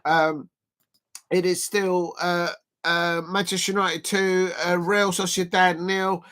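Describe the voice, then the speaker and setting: Male watch-along host, bright and forward, chatty, erupts into shouts on big plays. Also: sits high, takes it slowly, clean tone. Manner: chatty and excitable, breaks into shouting at big moments; exercising between remarks, counting out reps. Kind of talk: casual live football watch-along commentary.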